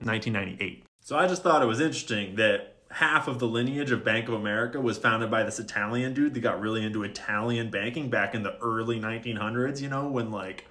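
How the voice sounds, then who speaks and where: A man's voice: fairly low pitch, pushed and bright. A man talking casually to camera, explaining things step by step with wry, sarcastic asides and open questions. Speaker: video creator.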